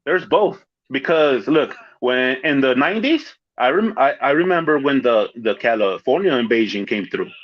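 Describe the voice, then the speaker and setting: Chill guy talking slang, keeps saying dog, lively ups and downs, kinda dull lo-fi sound. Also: mid-range voice, moderate pace, hardly any pauses. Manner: laid-back slang, lots of "dog" and "fool"; storytelling with acted quotes. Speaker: podcast guest. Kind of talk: casual chat.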